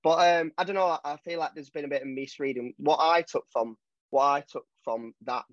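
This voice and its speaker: A man co-hosting a casual football podcast, giving animated, opinionated takes. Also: on the high side, no echo. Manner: animated, opinionated, quick asides. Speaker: podcast co-host. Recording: dull dry lo-fi sound.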